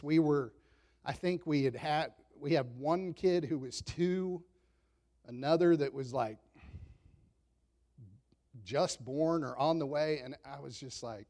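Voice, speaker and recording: A man in his thirties delivers a sermon in an easy, conversational tone. His voice sits a touch high, and he tells stories with self-deprecating humor and frequent chuckles. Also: moderate pace. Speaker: pastor.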